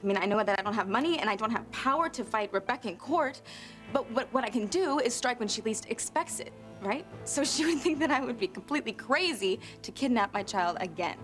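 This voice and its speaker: Desperate young mom, halting, earnest. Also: female voice, a little high, expressive, a bit bright, faint music behind.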